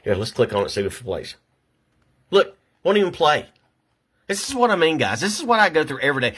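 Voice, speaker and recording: A man's voice: fairly high pitch, very animated, brisk, a bit bright, breathy edge. An older man at home, shaky and upset, ranting angrily to his viewers and stumbling over repeated words. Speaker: vlogger. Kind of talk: angry personal rant to camera.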